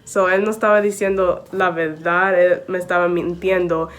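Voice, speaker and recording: A woman's voice: fairly low pitch, little pitch movement, a little fast. A young woman vlogging casually to camera, chatty and full of "like" and "okay?", switching between English and Spanish. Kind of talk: casual story-time chat to camera.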